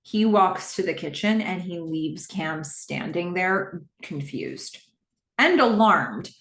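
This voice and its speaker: Woman host, low-ish voice, animated episode recap, echoey room. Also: slow, a little hiss or hum. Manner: animated, laughs often, acts out the characters' lines. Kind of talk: casual scene-by-scene recap.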